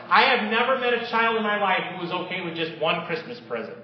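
A male pastor preaching a sermon with impassioned swings from loud declarations to hushed prayer, in a church sanctuary. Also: high-pitched, lively intonation, brisk, hardly any pauses, slight background noise. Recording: echoey distant room, dull lo-fi sound.

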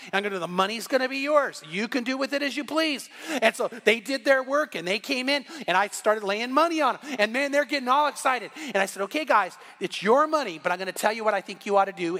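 A middle-aged man preaching from the pulpit with a high, bright, ringing voice. He tells stories with animation and acts out the voices of God and biblical figures. His words carry a long reverb through a church hall. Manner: animated storytelling, voicing God and Bible figures. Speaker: pastor. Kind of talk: sermon. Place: church sanctuary.

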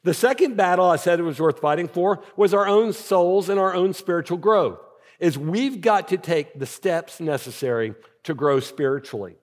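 A man's voice: high voice, animated, normal speed. A man preaching as a senior pastor in a church auditorium, talking conversationally and tossing rhetorical questions to the congregation. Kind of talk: sermon. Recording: long hall reverb.

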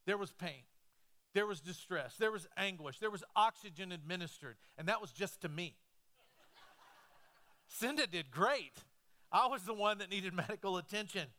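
A male pastor preaching a sermon, swinging between loud, animated stretches and hushed, slow ones. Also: high voice.

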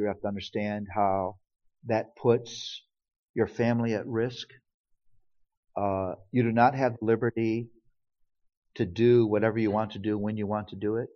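A man's voice: lowish voice, darkish tone. A man speaking as a pastor, telling a family story in earnest sermon style and acting out the quoted dialogue. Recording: dull lo-fi recording.

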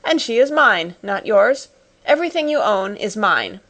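A woman's voice: medium pitch, big pitch swings, moderate pace, fairly bright tone. Woman voicing a cold, domineering schoolmistress. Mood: scornful. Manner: cold, commanding, scolding. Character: stern domineering schoolmistress, middle-aged woman.

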